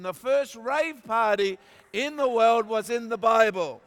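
An Australian man preaching a sermon, joking with the crowd and rising to emphatic shouts. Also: extremely high pitch, a little slow. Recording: long reverb of a large hall.

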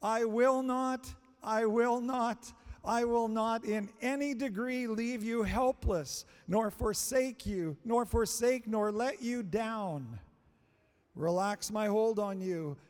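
A male preacher delivering a sermon, slow and emphatic, repeating phrases for stress. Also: sits high, a little mellow. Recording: long hall reverb.

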